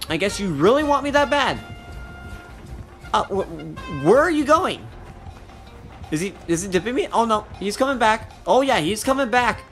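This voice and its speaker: A young gamer giving excited, profane commentary while playing, taunting the opponent. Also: medium pitch. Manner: excitable, swears a lot, taunts the enemy. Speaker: gamer doing live commentary. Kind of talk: casual gameplay commentary.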